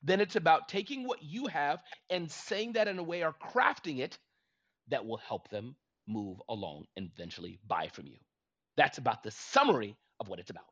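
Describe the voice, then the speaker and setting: Energetic man giving business advice. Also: a little high, moderate pace. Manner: energetic, emphatic, lively delivery. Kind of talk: motivational talk. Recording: dull lo-fi sound.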